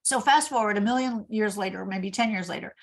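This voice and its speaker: A woman's voice: medium pitch, a little fast. An older woman from Indiana, speaking as an author guest in an interview. She tells her stories with energy and plays out the quoted dialogue herself. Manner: animated storyteller, acts out quoted dialogue. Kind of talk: storytelling interview.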